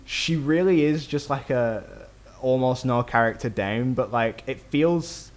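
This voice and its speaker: A man on a casual film podcast, recapping the plot in quick bursts with fillers. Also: medium pitch. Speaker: podcast host.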